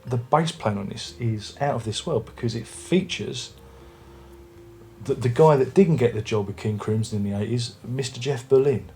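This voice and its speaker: Speaking at a normal speed in a mellow, mid-range voice, a man reviews an album in his home room, where a record player and speakers are set up. It's a casual, rambling chat from a music vlogger who keeps restarting his sentences. A little background noise can be heard.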